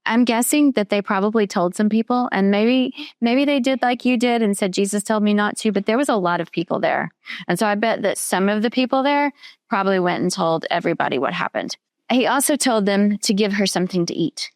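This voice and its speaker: A woman teaching children a Bible story, asking them questions and slowing down on key words. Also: mid-range voice, no room sound, clean studio sound. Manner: patient, questioning, slows down for emphasis.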